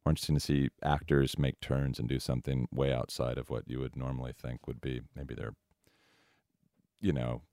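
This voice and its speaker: Deep voiced middle-aged guy, lots of ums, swoopy, super dry close mic. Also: little pitch movement, warm tone, no room sound. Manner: rambling, full of pauses and fillers. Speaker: guest actor. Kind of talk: casual radio interview chat.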